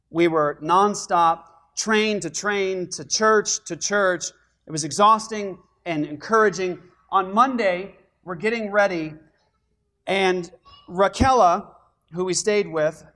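A high-voiced man preaching to his church, recounting events with animated energy. His voice climbs and grows louder at exciting moments, in a sermon delivered to a congregation. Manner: animated storytelling, rising loud when excited. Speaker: pastor.

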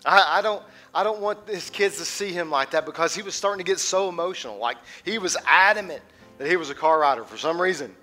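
A man in his thirties preaching a sermon as a teaching pastor, swinging from loud and passionate to hushed and intimate. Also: fairly high pitch, brisk, faint music behind.

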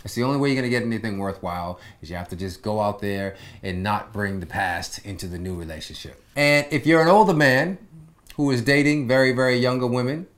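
A man hosting a relaxed relationship talk show. He chats easily with his guest, agrees often and sums up with calm advice. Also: mid-range voice, a little fast. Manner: relaxed, advice-giving, with lots of agreeing "yeah". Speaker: podcast host. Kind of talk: casual chat.

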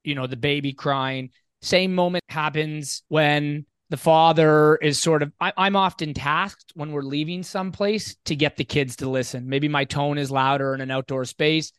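A man's voice: fairly high pitch, steady tone, normal speed, hardly any pauses, fairly bright tone, smooth, no room sound. A man hosting a podcast interview, asking probing, reflective questions and laughing easily. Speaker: podcast host. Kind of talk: conversational interview.

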